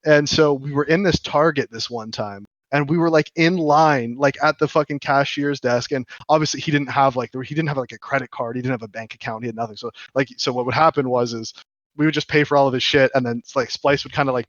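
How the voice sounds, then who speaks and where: A man telling stories on a podcast in a casual, animated, profane way, often restarting his sentences. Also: mid-range voice, a little fast, no echo, lo-fi sound. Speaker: podcast co-host. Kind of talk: casual storytelling chat.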